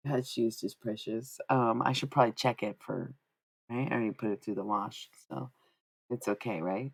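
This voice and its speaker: A woman with a low voice tells a rambling, funny story straight into a close desk mic, laughing often and swearing freely. She throws in quoted lines in squeaky put-on voices. The sound is dry, with no room around it. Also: moderate pace, no echo. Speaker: streamer. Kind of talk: casual storytelling chat.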